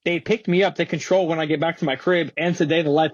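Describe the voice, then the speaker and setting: A man's voice: a little high, quick pace, no room sound, lo-fi sound. A young man from Florida, an interview guest telling a story casually, full of slang and fillers. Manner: slangy, animated, swearing, many fillers.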